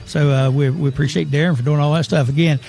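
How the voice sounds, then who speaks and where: A man hosts a relaxed local sports talk show. His voice sits a little high for a man, and he rambles and chuckles through stories about former players. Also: quick pace, vocal fry. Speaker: host.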